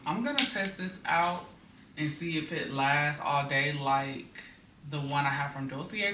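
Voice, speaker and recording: Young woman vlogger, casual and chatty; recorded from a distance in a roomy space with steady background noise. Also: low-pitched. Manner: chatty, venting with frequent fillers. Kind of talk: casual chat.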